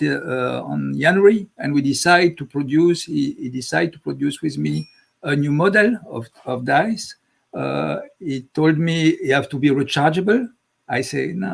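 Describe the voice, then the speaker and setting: Gravelly French-accented man, halting English. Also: fairly high pitch. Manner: halting, searching for English words. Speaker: guest magic inventor. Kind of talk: live stream chat.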